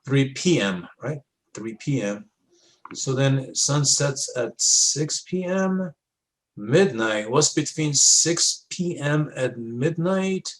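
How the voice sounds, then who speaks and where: A man teaching a class walks students through moon and sun diagrams in a casual, step-by-step lab walkthrough, checking in often. His voice is mid-range and expressive, his pace slow, and the recording is low quality.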